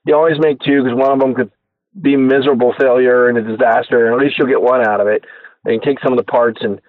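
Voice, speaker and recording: A man telling his inventor story as a radio guest, animated and acting out the people he quotes, heard over a tinny phone line. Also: medium pitch, quick pace, no echo. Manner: animated storyteller who acts out quoted voices. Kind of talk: casual storytelling interview.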